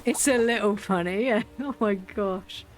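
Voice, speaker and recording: A woman's voice: medium pitch, unhurried, soft background music. A woman hosting a game video, chatting casually and animatedly, often cracking up with laughter. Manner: giggly, animated, easily cracks up. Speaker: gaming video host. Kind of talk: casual gameplay commentary.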